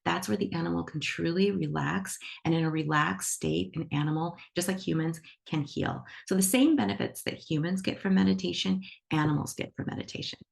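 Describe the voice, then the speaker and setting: A woman with a deep, strongly creaky voice leads an online class on a video call. She teaches in an enthusiastic, emphatic manner. She stays upbeat and energetic while she explains. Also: fairly quick, few pauses. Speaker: animal reiki teacher. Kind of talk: instructional talk to an online class.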